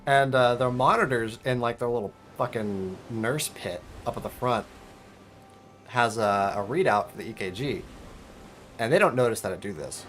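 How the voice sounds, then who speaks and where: A young man streaming a game, telling a story in a casual, swearing, animated way and squeaking out high alarm noises. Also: normal speed, slight background noise. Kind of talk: casual storytelling while gaming.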